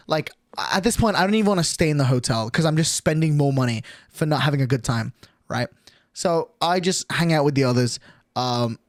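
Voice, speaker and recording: A man's voice: fairly high pitch, no echo, clean studio sound. A young adult man streaming, telling a story casually to his chat, swearing often and filling with "like". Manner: crude, swears a lot, lots of "like" fillers.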